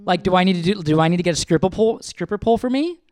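A man's voice: high-pitched, expressive, very fast, a little mellow. A man co-hosting a podcast with his wife, joking and swearing freely as he gets defensive on a close mic. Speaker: podcast co-host. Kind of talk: casual couple chat.

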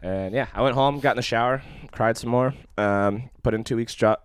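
A man's voice: medium pitch, moderate pace, clear, resonant tone, dry recording, studio quality. A young man telling a long personal story in casual chat, profane and rambling, full of fillers.

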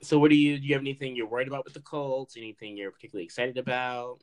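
Relaxed man rattling off football stats. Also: medium pitch, very fast. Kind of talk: casual podcast chat.

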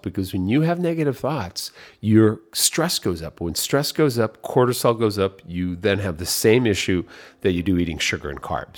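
A man's voice: lowish voice, expressive, moderate pace, faint music behind. A man hosting a podcast, giving an upbeat motivational coaching talk and repeating his key phrases. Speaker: podcast host.

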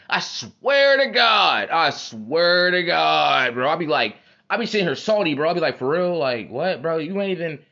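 A man's voice: on the high side, fairly bright tone. A man hosting a podcast, talking in a heated, profane casual monologue and repeating his phrases for emphasis. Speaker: podcast host. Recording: dull lo-fi recording.

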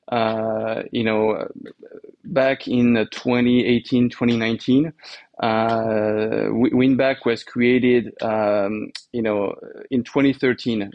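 A man from Normandy with a French accent, a podcast guest who talks in a halting way with many fillers and restarts. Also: mid-range voice, no echo, highs cut off. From France, Normandy. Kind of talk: casual podcast interview.

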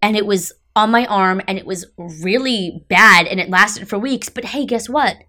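A young woman co-hosting a podcast, talking in an animated, chatty way with lots of fillers. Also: medium pitch, normal speed. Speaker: podcast co-host. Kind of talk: casual chat.

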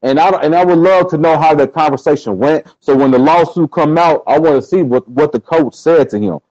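A man's voice: a little high, fairly quick, a little mellow. A man hosting a live stream, ranting heatedly and cursing as he talks straight to his viewers. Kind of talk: casual commentary to a live audience. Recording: dull lo-fi sound.

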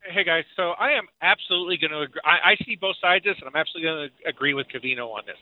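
A man calling into a radio show, telling a story in a steady, earnest way. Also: a little high, rapid-fire, dry recording. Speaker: caller. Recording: tinny phone line.

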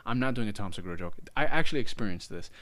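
Talking very fast in a lowish voice, a young man co-hosting a podcast animatedly recounts a story in casual conversation. He swears freely and performs the things people said.

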